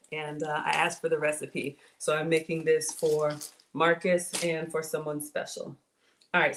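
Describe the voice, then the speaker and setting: Chatty Southern woman cooking in a noisy kitchen. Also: lowish voice. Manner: chatty, self-deprecating, addresses viewers as y'all. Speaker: cooking show host. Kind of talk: casual cooking livestream chat. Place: home kitchen.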